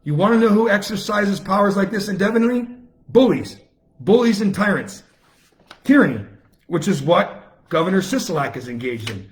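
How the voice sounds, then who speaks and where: A man on a self-recorded live stream, speaking in a raised, high-pitched register. He talks in heated bursts and repeats his key phrases for emphasis, so each point comes out sharp and indignant. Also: animated, normal speed. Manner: fiery, repetitive, emphatic outbursts. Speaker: political commentator on a live stream. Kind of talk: impassioned live-stream rant. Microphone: phone or webcam, self-recorded.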